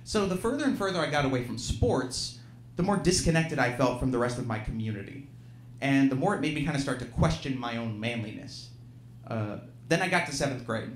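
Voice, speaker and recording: A man's voice: medium pitch, lively intonation, brisk. Live storyteller, male, from Alabama; self-deprecating, laughs often; roomy venue sound with a faint hum. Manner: self-deprecating, laughs through his lines. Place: live venue stage, audience present.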